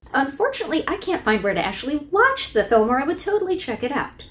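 Woman book vlogger, bouncy pitch, bit high, wry little jokes, faint hum behind. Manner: chatty with wry asides and laughs. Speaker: book review host. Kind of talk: casual book review narration.

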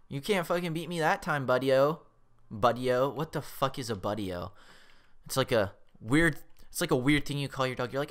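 A man's voice: medium pitch, normal speed. A young man commentating his own gameplay, swearing a lot and yelping when the game startles him. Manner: excitable, swears often, yelps when startled. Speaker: let's play host.

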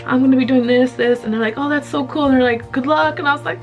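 A woman vlogger tells a story straight to her camera in a chatty, animated way, laughing often. Her voice sits fairly high, with soft music playing faintly underneath. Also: fast, few pauses. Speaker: YouTuber vlogger.

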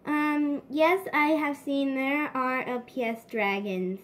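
A woman's voice: high-pitched, fairly even intonation, slow. A woman voicing a friendly, chatty blue toy pet dragon.

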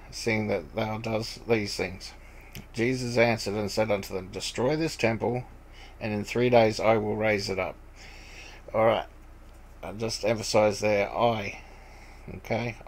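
A man giving an informal Bible teaching. He reads scripture aloud, then explains it in a rambling, halting way, with many fillers and restarts. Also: fairly low pitch, low-quality recording. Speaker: preacher.

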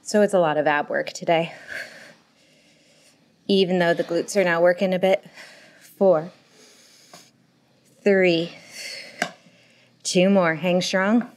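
A woman's voice: fairly low pitch, steady tone, takes it slowly, long pauses. A young woman teaching a home pilates and barre class on a lapel mic, upbeat and encouraging as she counts reps. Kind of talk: cueing a home workout class. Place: home workout space. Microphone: lapel mic pack.

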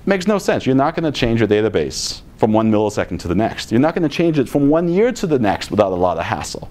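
Fast and with few pauses, this conference speaker delivers a technical talk bluntly and with exasperation, adding sarcastic asides. His mid-range, slightly mellow voice swings widely in pitch. He's speaking in a conference room.

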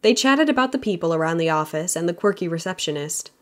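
A woman narrating a romance audiobook with steady, even storytelling. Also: lowish voice, fast. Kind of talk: scripted narration.

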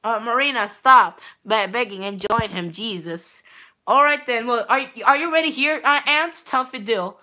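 Bright, high-voiced woman streamer. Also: normal speed. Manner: rambling, repeats words, talks straight to viewers; many restarts and filler sounds. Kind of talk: live gameplay streaming chat.

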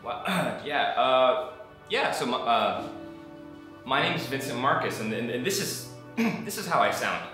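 A man speaking in his plain voice in a scripted comedy sketch, hesitant and halting. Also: mid-range voice, sing-song, very echoey, music in the background. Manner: hesitant, throat-clearing, halting. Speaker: comedy actor.

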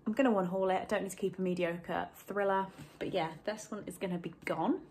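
A woman's voice: mid-range voice, steady tone, fairly quick, a little mellow, slightly rough. A young woman talking casually to camera from home about books, in a rambling, apologetic way. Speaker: book vlogger. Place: home, indoors.

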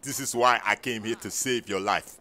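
A man's voice: on the low side, moderate pace, pushed and bright, pitched below the performer's own voice. A man voicing a persuasive male gang recruiter in a game story video, pleading earnestly. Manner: calls everyone "my brother", earnest pleading.

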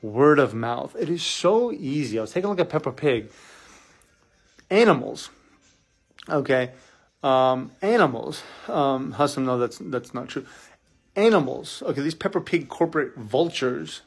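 A middle-aged man, a business coach, talking in a casual live vlog, energetic and preachy, repeating himself and calling the listener "dude". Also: medium pitch, unhurried, gravelly, breathy edge.

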